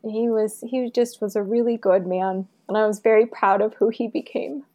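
Soft-spoken woman remembering her father. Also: fairly high pitch, fairly even intonation, lo-fi sound. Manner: soft, halting, tearful. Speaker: interview guest. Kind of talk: personal remembrance.

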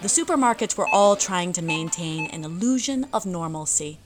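A woman's voice: lowish voice, animated, moderate pace. Wry young woman narrating a story. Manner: wry, self-deprecating. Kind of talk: audiobook narration.

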